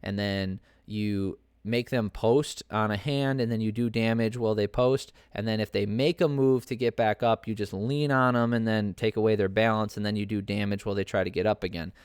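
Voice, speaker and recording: A man's voice: lowish voice, steady tone, moderate pace, hardly any pauses, smooth, dry recording, clean studio sound. A man hosting a podcast, giving casual, opinionated fight commentary that rambles with many fillers and restarts. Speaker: podcast host.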